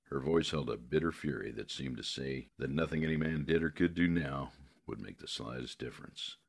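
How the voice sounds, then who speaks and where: A man narrating a western novel in a steady, measured way. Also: a bass voice, breathy edge.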